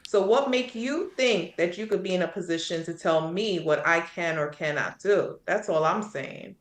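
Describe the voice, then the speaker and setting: A woman's voice: on the low side, moderate pace, echoey room. A woman on a podcast panel in casual debate, arguing assertively point by point.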